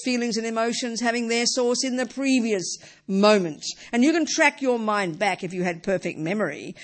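A woman teaching a Buddhist lesson in an informal, emphatic way, often tossing in rhetorical tag questions and "you know" asides. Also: medium pitch. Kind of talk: informal dharma talk.

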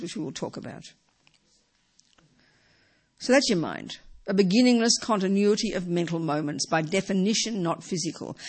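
A woman teaching a Buddhist lesson in an informal, emphatic way, often tossing in rhetorical tag questions and "you know" asides. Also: lowish voice. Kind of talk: informal dharma talk.

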